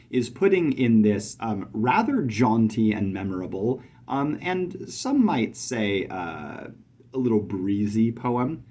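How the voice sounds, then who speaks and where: Man, poetry teacher, deep husky voice, chats with ums and taps out meter. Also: warm tone. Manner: thoughtful, many fillers, chants stress patterns. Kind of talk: video lesson.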